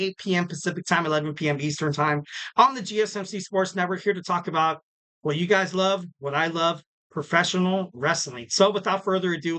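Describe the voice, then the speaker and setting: A man's voice: high voice, sharp tone. A man hosting a solo wrestling podcast, talking casually and rambling with lots of fillers and self-corrections. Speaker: podcast host.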